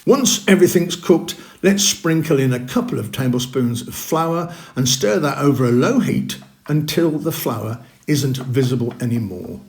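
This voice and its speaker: Chatty male cooking host, gravelly voice. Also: mid-range voice, expressive, normal speed, hardly any pauses, a little mellow. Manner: chatty, upbeat, talks viewers through each step. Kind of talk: casual cooking demonstration.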